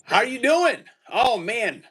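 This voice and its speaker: A man's voice: very high voice, very animated, slow pace, fairly bright tone, husky. A man hosting a casual livestream chat from home, easygoing and rambling. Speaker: teacher and card-collecting stream host.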